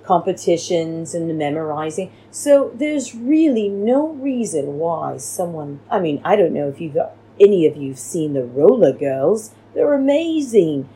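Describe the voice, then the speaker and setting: A woman with a low, husky voice hosts a casual recap chat from home. She rambles and keeps calling her listeners darlings, and her tone is dark and mellow, recorded on a cheap microphone. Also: low-quality recording. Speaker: podcast host. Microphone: cheap free microphone.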